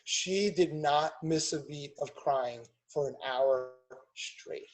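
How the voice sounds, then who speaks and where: A middle-aged man telling a family story on a podcast, emphatic and animated, acting out what people said. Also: fairly high pitch, takes it slowly, low-quality recording. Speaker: podcast guest, chiropractor and business owner.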